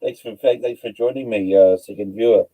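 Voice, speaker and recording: A man hosting a casual livestream, rambling and halting, stumbling over hard words and spelling them out letter by letter. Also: fairly low pitch, steady tone, warm tone, breathy edge, poor audio. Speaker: livestream host.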